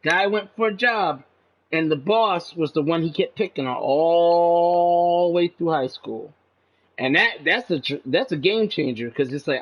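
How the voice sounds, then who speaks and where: A high-pitched man rambles in a casual, profane monologue, dropping "man" into his sentences. His voice jumps up sharply when he gets indignant. The recording sounds dull and lo-fi. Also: a little slow. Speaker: channel host.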